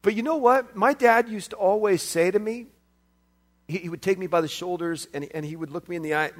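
A man from the United States preaching a sermon in a very high voice. He is animated, dropping to quiet asides and then rising to loud shouts. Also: brisk.

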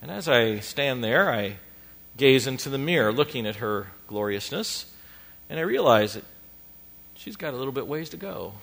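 Before his congregation, a middle-aged male pastor pokes fun at himself in a humorous sermon story, animatedly acting out scenes from family life. His mid-range voice is gravelly, and his pace is moderate.

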